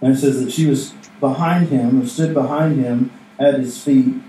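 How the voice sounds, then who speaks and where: A man's voice: mid-range voice, fairly even intonation, normal speed, warm tone, slight background noise. A man preaching a casual, conversational sermon as a pastor, joking with the room and acting out little asides. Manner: conversational, jokey, acts out asides. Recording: echoey room, mic from a distance.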